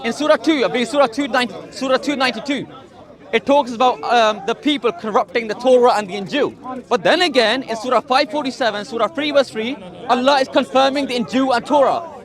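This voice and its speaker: A man's voice: very high voice, fast talker. A man in a heated outdoor street debate, insistently repeating his questions and talking over the other man. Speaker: street debater challenging the Quran. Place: outdoors in a busy urban park. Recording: noisy outdoor crowd recording. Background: loud crowd chatter.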